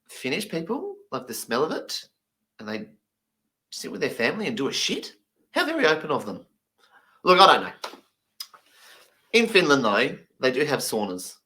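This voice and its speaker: A man voicing a deaf comedian's stand-up story, animated and acting out the people he quotes. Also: mid-range voice, low-quality recording.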